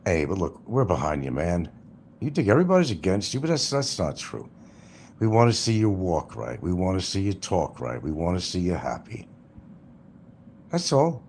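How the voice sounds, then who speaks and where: A man's voice: sits low, wildly swooping pitch, moderate pace, a little mellow, a little hiss or hum. An older man hosting a livestream, rambling and mocking with crude, casual talk. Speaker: livestream host.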